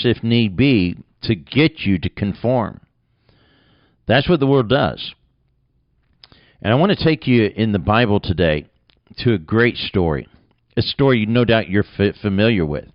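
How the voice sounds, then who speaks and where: An American man with a very low, deep voice delivers an earnest, plain-spoken radio sermon. He talks straight into a close mic in a dry room with no echo. The sound is dull and lo-fi. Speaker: radio broadcaster and preacher.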